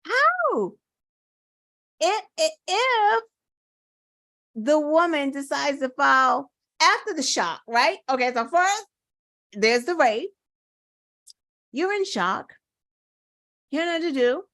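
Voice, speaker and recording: A woman's voice: high-pitched, very animated, takes it slowly, pauses often, a bit bright, no echo. A woman hosting her own show, talking in casual political commentary with indignant rhetorical questions and swearing. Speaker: show host.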